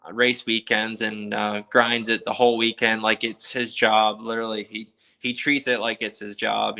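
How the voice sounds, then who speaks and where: A motocross racer from the eastern United States talks as a guest on a podcast. He speaks in a steady, flat line with a bright, forward tone. His manner is plainspoken and laid-back. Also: mid-range voice, smooth. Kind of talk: casual interview chat.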